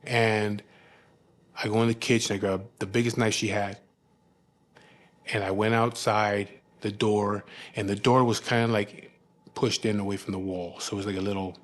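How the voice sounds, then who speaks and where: Low-voiced man telling a rough story. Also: little pitch movement, normal speed. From California. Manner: rough, profane, fills talk with "you know what I mean". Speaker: former prisoner telling his story. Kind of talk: candid personal storytelling.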